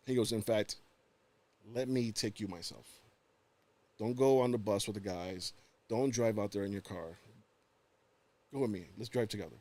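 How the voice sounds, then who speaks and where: A man, a podcast guest telling a personal story in casual chat, animated and acting out the voices of the people in it. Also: fairly low pitch, moderate pace, long pauses.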